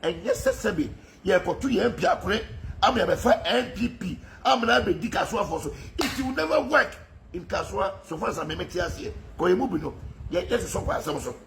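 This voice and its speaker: Gravelly high-voiced Ghanaian man ranting. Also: lively intonation, a little fast, fairly bright tone, slight background noise. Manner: fervent, often laughing mid-sentence. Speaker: political social media commentator. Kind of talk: impassioned monologue to camera.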